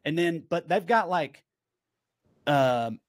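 Animated Southern comedian, dry close mic. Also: male voice, fairly high pitch, takes it slowly, dry recording. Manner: animated storyteller, puts on voices and quotes. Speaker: podcast co-host, comedian. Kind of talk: casual chat.

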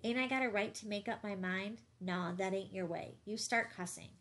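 A woman's voice: mid-range voice, moderate pace, a bit bright, lightly acted. A woman voicing a proud young man in an audiobook, reproachful and stubborn, lecturing his rival.

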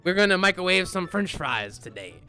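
Man, high voice, very lively pitch, goofy, hyper gameplay commentary. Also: brisk, clear, resonant tone, faint music behind. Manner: goofy, hyper, loud outbursts and laughter. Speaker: gaming YouTuber.

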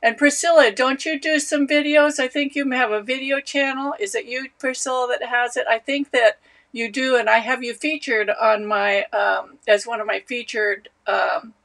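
A woman's voice: fairly high pitch, steady tone, measured pace. A woman hosting a knitting live stream, chatting casually and greeting viewers by name. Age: older. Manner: warm, chatty, reads out viewer names.

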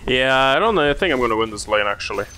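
A man's voice: medium pitch, lively intonation, quick pace, sharp tone. A young man streaming a video game, chatting casually and rambling about his day while swearing freely. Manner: profane, rambling, laid-back. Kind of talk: casual gaming commentary.

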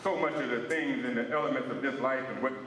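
A man's voice: medium pitch, steady tone, fast talker, fairly bright tone, a little hiss or hum. A man preaching a sermon to a congregation, emphatic and repetitive, often asking them to answer back. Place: church sanctuary. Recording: long reverb of a large hall.

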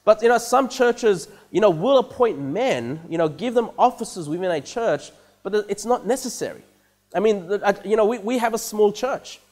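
High-voiced pastor preaching. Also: male voice, lively intonation, moderate pace, darkish tone. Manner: repeats words, many "you know" and "okay?" checks with the congregation. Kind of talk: conversational sermon. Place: church.

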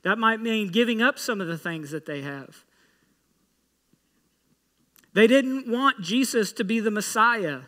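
A man's voice: high voice, lively intonation, a little slow, long pauses, pushed and bright, long reverb tail. A man preaching an emphatic sermon as pastor, pressing his point with rhetorical questions. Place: church sanctuary.

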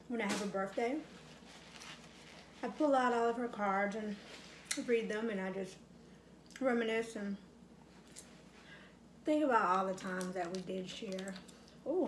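A middle-aged woman, a mukbang vlogger, chats casually while eating at home, reflecting and reminiscing with lots of fillers. Her voice is mid-range with a little hiss or hum, and the room sounds echoey with faint ambience.

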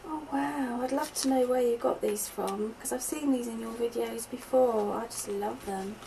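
A middle-aged woman gushing softly as she opens a parcel at home, with lots of delighted exclamations. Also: fairly high pitch, normal speed, noisy background. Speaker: vlogger opening happy mail. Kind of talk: unboxing chat. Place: at home in a conservatory.

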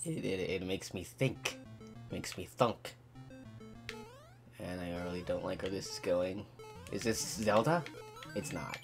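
A man hosting a gaming channel, giving excitable let's play commentary and talking to himself as he plays. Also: low-pitched, a little slow, pauses often, music in the background. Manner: excitable, talks to himself while playing.

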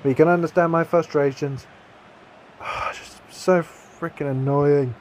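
A young man commentating his own football video game, excitable, swearing and shouting at his players. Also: on the high side, unhurried, slight background noise. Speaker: gaming YouTuber.

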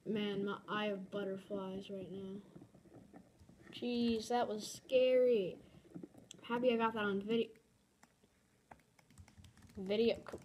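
A woman's voice: medium pitch, darkish tone, slight background noise. A young woman giving casual, dramatic commentary over her own gameplay. She is easily flustered and repeats her exclamations. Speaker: gamer.

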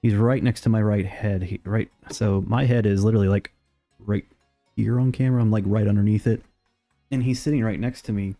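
Mellow-voiced young man streaming a game. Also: fairly low pitch, fast, soft background music. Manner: chatty and rambling, with sudden excited outbursts. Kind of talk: casual live gameplay commentary.

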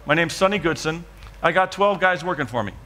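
A man doing a calm fatherly limo driver. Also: on the high side, brisk, big-room sound. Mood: advising.

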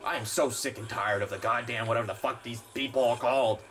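A man's voice: medium pitch, steady tone, quick pace, fairly bright tone, a little hiss or hum. A man playing a horror game and commenting as he plays, swearing and ranting at the enemies. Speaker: gameplay streamer. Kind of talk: let's play commentary.

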